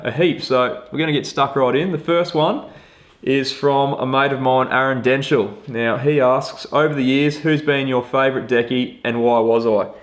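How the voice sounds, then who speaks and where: A young Australian man answering viewer questions about fishing in a relaxed, joking, self-deprecating chat full of slang. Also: mid-range voice. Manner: laid-back, matey slang, self-deprecating. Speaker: fishing vlogger. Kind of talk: casual Q&A chat.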